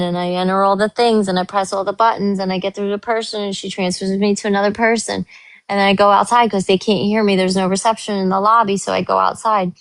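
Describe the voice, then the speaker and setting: A woman hosting a podcast, telling a story in a casual, animated way and acting out what others said in a higher voice. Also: no echo. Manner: animated, acts out quotes in a higher voice. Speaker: podcast host.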